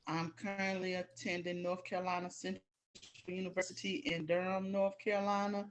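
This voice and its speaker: A woman student introducing herself on a video call in a measured, reciting way. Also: on the low side, level tone, a little hiss or hum.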